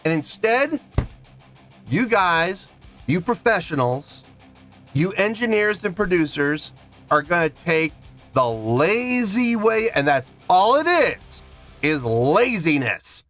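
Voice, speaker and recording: Guy ranting hard about a song, high voice bouncing all over, counts beats out loud. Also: very animated, takes it slowly, faint music behind. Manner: emphatic and indignant, counts out beats aloud. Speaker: music reaction reviewer. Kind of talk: animated rant reviewing a song.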